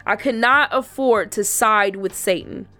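A woman's voice: mid-range voice, a little slow, sharp tone, faint music behind. Earnest woman giving a faith testimony. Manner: earnest, emphatic, repeats herself for emphasis. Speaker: faith speaker addressing women.

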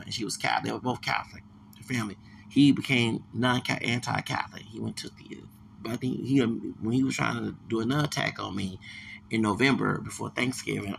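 Gravelly, tense-voiced man in his 40s; rambling solo podcast, lots of restarts. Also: on the low side, a bit bright, a little hiss or hum. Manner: digressive, repetitive, stumbling restarts.

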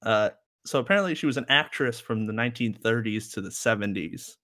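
Podcast co-host, man, lowish voice, rambling and jokey song talk. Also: a little fast, pushed and bright. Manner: rambling, joking, laughs often. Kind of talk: casual music review chat.

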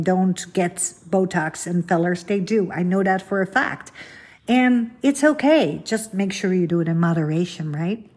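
Husky-voiced woman chatting on a podcast. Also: medium pitch, darkish tone. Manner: chatty and confiding, asks the listener questions. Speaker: podcast host. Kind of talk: casual solo podcast chat.

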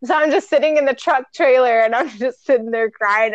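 A young woman chatting on a podcast with a voice pitched a touch high. She talks candidly, swears without a second thought and breaks into laughter often. The recording is close and dry. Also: fairly quick, few pauses, dry recording, dull audio. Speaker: podcast co-host. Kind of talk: casual chat.

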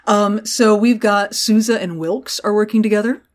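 Woman, podcast co-host, casual recap chat, animated, salty language, acts out lines. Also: mid-range voice, moderate pace. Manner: animated, swears freely, acts out character lines.

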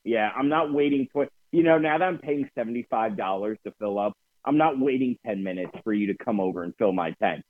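A man's voice: on the low side, a little fast, few pauses. A man with a New Jersey accent co-hosting a casual podcast, telling profane, ranting stories. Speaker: podcast co-host. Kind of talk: casual chat. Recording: dry tinny phone-like sound.

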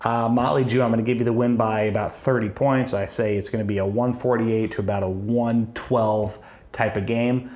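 A man's voice: medium pitch, steady tone, normal speed, a little mellow. A man co-hosting a fantasy football podcast, talking through matchups in a chatty, analytical way with frequent ums. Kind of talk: casual sports chat.

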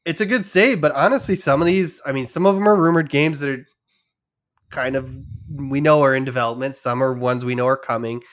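A man's voice: mid-range voice, brisk, a bit bright. A man hosting a casual gaming podcast, rambling and reading out a list of rumored titles with frequent restarts. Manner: rambling, reads out lists with restarts. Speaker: podcast host. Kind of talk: casual chat about game news.

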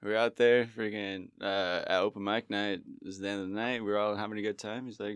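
A man with a fairly low voice, a guest on a podcast, telling stories in an easygoing, laid-back way. His voice is dry and close to the mic. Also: fairly even intonation, a little fast, clear, resonant tone, dry recording. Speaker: guest, musician. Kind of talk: casual podcast chat. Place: podcast studio.

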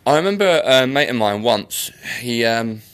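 A man's voice: medium pitch, lively intonation, normal speed, a bit bright, smooth, no room sound. A young man hosting a casual solo podcast, chatty and rambling with self-mocking asides. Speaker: podcast host.

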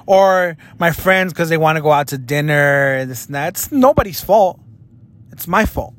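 A man's voice: on the high side, expressive, normal speed, a bit bright. A young man talking earnestly and self-critically in a confessional vlog monologue. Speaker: vlogger.

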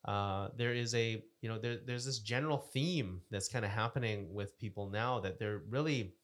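A man hosting a casual podcast chat, halting and searching for words as he talks. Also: on the low side. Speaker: podcast host.

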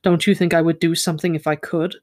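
A man reading a weary, stern village healer woman's lines, quiet and firm. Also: on the high side, little pitch movement, fast talker, natural voice. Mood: quiet resolve.

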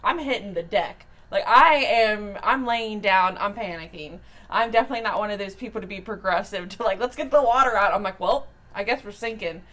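A woman co-hosting a casual faith podcast into a studio mic, relaxed and quick to laugh. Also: mid-range voice. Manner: relaxed, laughing, short agreements. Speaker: podcast co-host.

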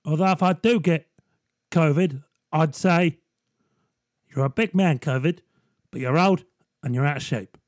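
A man putting on an impression of an older London film star, with a gruff, menacing deadpan delivery. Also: fairly high pitch, unhurried, long pauses, dry recording, clean studio sound, close to an everyday voice. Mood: mock menace.

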